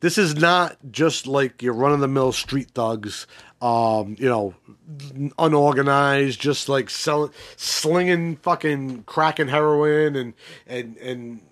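A man's voice: mid-range voice, slow, a bit bright. A man hosting a podcast, recapping a crime series in a rambling, profane, casual way with many restarts and fillers. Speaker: podcast host.

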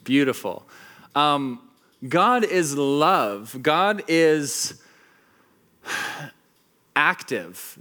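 Animated man preaching with bright tone. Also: fairly high pitch, clear, resonant tone. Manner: animated storytelling, acts out quotes, many fillers. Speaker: pastor. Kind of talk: casual sermon to a small group.

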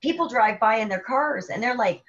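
Animated storytelling woman, lo-fi sound. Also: fairly high pitch, normal speed. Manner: animated storyteller, acts out quoted people. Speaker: podcast co-host. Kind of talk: casual faith chat. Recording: dull lo-fi sound.

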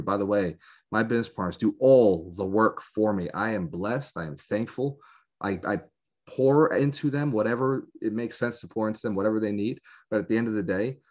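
A man giving a fervent motivational sales pitch to a live audience as a business coach, rallying listeners with repeated emphasis.

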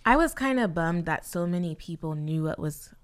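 A woman's voice: fairly low pitch, lively intonation. A woman co-hosting a casual couples podcast, chatty and upbeat. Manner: chatty, upbeat, quick laughs. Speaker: podcast co-host. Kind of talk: casual chat.

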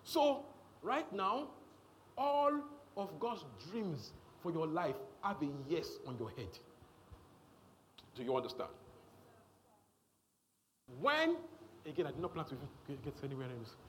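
High, lively preacher man. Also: unhurried, long pauses, slight background noise. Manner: emphatic, repetitive preaching with call-outs to the congregation. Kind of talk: sermon.

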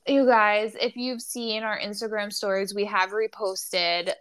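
A woman's voice: medium pitch, flat delivery, unhurried, fairly bright tone, smooth. A woman co-hosting a podcast in casual chat, candid and gushing, with many filler words and the odd swear. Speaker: podcast co-host.

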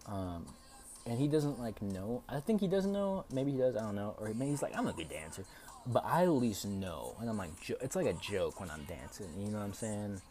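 A young man hosting a podcast, telling a story in a casual, profane, animated way with lots of fillers. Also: lowish voice, brisk. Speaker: podcast host.

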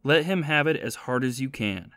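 A man's voice: medium pitch, expressive, normal speed, pushed and bright, no echo, clean studio sound. A man voicing an angry, stern dead grandfather who gives threatening commands.

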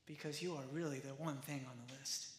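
A man pastor preaching a sermon in a conversational, animated way, often acting out the quotes. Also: on the high side, fairly quick, reverberant.

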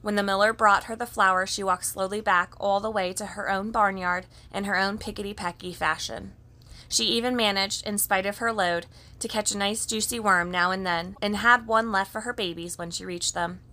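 A woman narrates a children's story with a gentle, even delivery. Her voice is bright and crisp, at a middle pitch. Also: moderate pace. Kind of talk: reading a children's story aloud.

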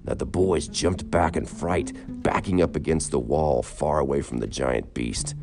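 A man reading a children's story aloud as narrator in a slow, expressive way. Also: a bass voice. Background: soft guitar music.

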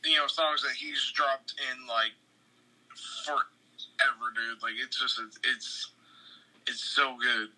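A young man co-hosting a casual podcast, talking haltingly with many restarts and fillers, and sounding enthusiastic. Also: medium pitch, fairly even intonation, sharp tone, low-quality recording. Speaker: podcast co-host.

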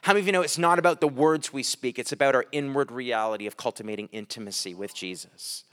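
A man's voice: mid-range voice, fast, a bit bright, long reverb tail. A man preaching a sermon, reading scripture aloud and breaking off with light, chuckling asides to the congregation. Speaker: pastor.

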